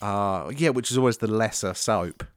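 A man's voice: fairly low pitch, normal speed, smooth, no echo, studio quality. A man from the UK co-hosting a casual comedy podcast, laughing a lot and riffing on jokes. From United Kingdom. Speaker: podcast co-host.

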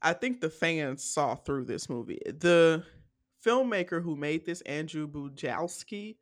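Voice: medium pitch, lively intonation, a little slow. A podcast co-host talking casually and candidly about a film, with many fillers and laughs. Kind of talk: casual film review chat.

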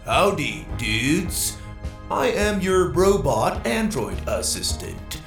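A man's voice: on the high side, very animated, slow, gravelly, a bit bright, reverberant, faint music behind, voice pushed up, exaggerated voice. A man doing a surfer-dude robot cowboy. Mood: eager. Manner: laid-back surfer slang.

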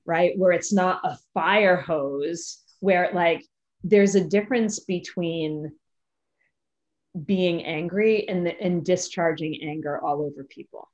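A woman's voice: on the low side, darkish tone. A woman hosting a casual podcast chat, candid and laughing through her stories. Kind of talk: casual conversation. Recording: dull lo-fi audio.

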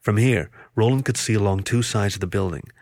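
A man reading a story aloud in a steady, even narration. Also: on the low side, brisk, no room sound. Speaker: audiobook reader.

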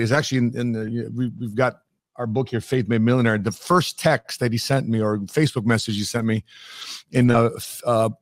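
A middle-aged man talks as an interview guest at an ordinary pitch and tells his stories with energy, playing out every bit of dialogue. The sound is dry and close, with no room around it. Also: dry recording. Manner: animated storyteller who acts out quoted dialogue. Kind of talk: conversational interview storytelling.

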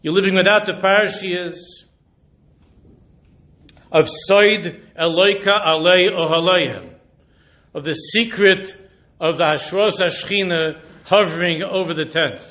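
A rabbi gives a Torah lecture in a voice that sits a little high for a man. He weaves Hebrew and Yiddish terms through his English and presses his listeners with searching rhetorical questions. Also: measured pace. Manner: drops to a hushed, intimate voice when retelling a story. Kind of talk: sermon.

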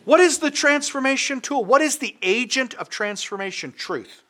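Bright, high-voiced impassioned male preacher. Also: lively intonation, normal speed. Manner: impassioned, emphatic repetition. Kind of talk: sermon.

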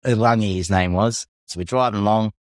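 A laid-back Australian man, a podcast guest, telling an easygoing story with a relaxed, matey manner. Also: on the low side, brisk, no room sound, studio quality. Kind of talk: casual storytelling.

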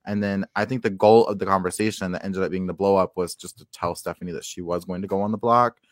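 A man's voice: low voice, steady tone, fast, no echo, clean studio sound. A man co-hosting a casual recap chat, hedging often with "like" and "I guess". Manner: hedging, many fillers like "like" and "I guess". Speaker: podcast co-host.

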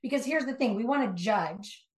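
Animated woman from Southern California. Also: fairly high pitch, moderate pace, echoey room. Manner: animated, emphatic storytelling with asides and mock voices. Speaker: guest, life coach. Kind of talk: conversational interview.

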